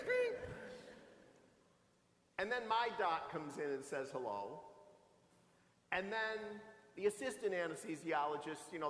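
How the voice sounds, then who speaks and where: A man in his sixties, a pastor giving a homily with animated, humorous storytelling in a church sanctuary. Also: on the high side. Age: 60s. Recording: echoey church with long reverb.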